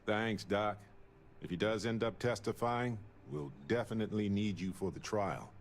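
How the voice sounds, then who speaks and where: A man voicing a game's player character, calm, level and earnest. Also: lowish voice, moderate pace, a little hiss or hum, natural voice. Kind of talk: video game dialogue.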